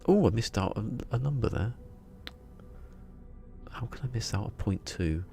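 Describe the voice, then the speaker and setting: Gravelly deep-voiced man streaming. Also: expressive, measured pace, dark tone, soft background music. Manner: joking, rambling, laughs often. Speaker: live streamer. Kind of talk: casual live stream chat.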